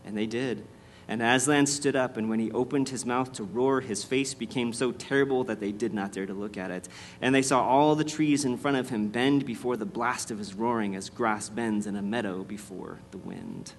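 A man reading a storybook aloud in a measured, expressive way, then speaking to his listeners as the host. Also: medium pitch, slight background noise.

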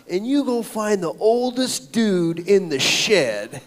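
A man giving a personal testimony at a ministry gathering, telling his story in a casual, slangy way, swinging between loud and whispered. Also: sits high, expressive, takes it slowly. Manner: casual, slangy storytelling with frequent 'like' and 'dude'. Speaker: guest speaker at ministry event.

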